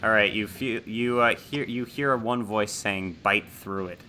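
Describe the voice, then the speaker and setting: Man, game master, bright voice, lowish pitch, casual tabletop horror narration, faint hiss. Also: a little slow. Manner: casual, laughing asides, many ums.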